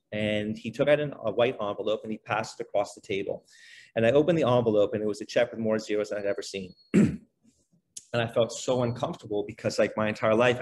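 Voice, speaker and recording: A middle-aged man with a fairly low-pitched voice talks through his life story as a guest on a podcast, where he's introduced as a basketball trainer. His manner is relaxed yet animated, his speech fast-flowing and thick with fillers like "you know" and "like."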